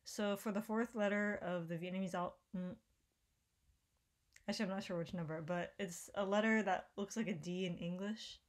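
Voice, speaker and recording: A woman presenting as a student, reading prepared lines in a measured way. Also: medium pitch, steady tone.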